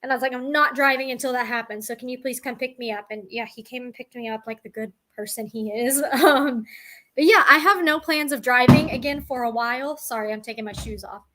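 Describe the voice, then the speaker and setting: A woman's voice: high-pitched, brisk, pushed and bright. A young woman telling a personal story to her vlog audience, rambling and self-deprecating. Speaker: vlogger. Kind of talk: casual storytelling to camera.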